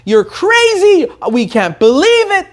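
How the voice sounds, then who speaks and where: A man's voice: huge pitch swings, slow, full character voice. A man voicing an angry middle-aged aunt who berates a young bride. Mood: furious scolding. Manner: shrill, berating.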